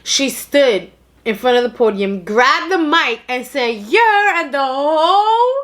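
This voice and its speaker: A young woman from New York with a New York accent, hosting an eating show and chatting casually, loud and expressive, laughing often. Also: high voice, unhurried. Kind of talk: casual chat while eating.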